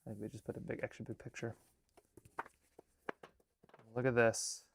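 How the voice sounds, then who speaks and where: A man, an artist and filmmaker, chatting casually in a vlog, halting and restarting his sentences and often dropping to a murmur. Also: mid-range voice, little pitch movement, gravelly, slight background noise. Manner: halting, with many restarts and fillers.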